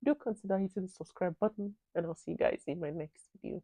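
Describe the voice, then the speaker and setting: A woman's voice: lowish voice, quick pace, no echo. Woman chatting casually in a dry room. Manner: relaxed and chatty, laughs easily. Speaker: reaction video host. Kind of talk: casual reaction commentary.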